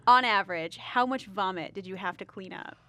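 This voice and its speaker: A woman's voice: medium pitch, a little fast, fairly bright tone, no room sound. Chatty, frank young woman. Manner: chatty, frank, laughing easily. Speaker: podcast co-host. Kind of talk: casual chat.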